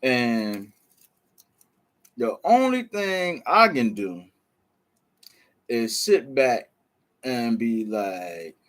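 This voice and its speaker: A man's voice: mid-range voice, big pitch swings, very slow, pauses often. A man vlogging with casual commentary, loose and slangy, full of "like" and "man".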